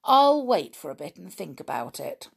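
Woman doing a cheeky male storybook bunny, scheming, wheedling, lively ups and downs. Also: low voice, moderate pace, gravelly, slightly rough, exaggerated voice.

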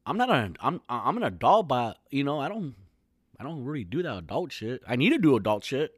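A man's voice: mid-range voice, big pitch swings, fairly quick, husky, no echo, clean studio sound. A man in his thirties from California, talking alone in a casual, rambling, profane podcast monologue full of slang.

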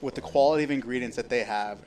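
A male podcast co-host chatting casually, telling stories in an animated way and often repeating himself. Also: medium pitch, quick pace. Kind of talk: casual chat.

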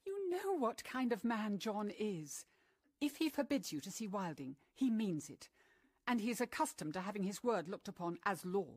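An actress playing a middle-aged mother, grave and protective, in an old-fashioned film drama with a husky, serious delivery. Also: medium pitch, very animated, normal speed, darkish tone, no echo, studio quality. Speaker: mother of two grown daughters.

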